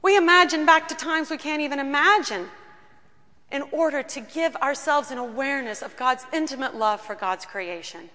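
A woman pastor preaches in a church, weaving personal stories into her sermon with earnest warmth. Her voice is bright and sits a little high. A long reverb hangs behind her words. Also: moderate pace.

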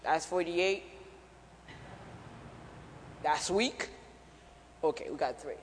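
A man's voice: on the high side, takes it slowly, slight background noise. A man preaching a sermon in a church, conversational and jokey, asking the congregation questions. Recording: church hall reverb.

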